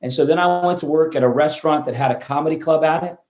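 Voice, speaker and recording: A man in his fifties, a guest on an interview show, telling stories in a lively way and often restarting words mid-sentence. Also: on the high side, fast talker. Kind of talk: storytelling interview chat. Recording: roomy echo.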